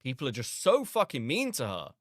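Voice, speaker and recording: A man's voice: mid-range voice, huge pitch swings, fairly quick, slight background noise. A man hosting a reaction commentary, sarcastic and incredulous, swearing often. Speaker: commentary host.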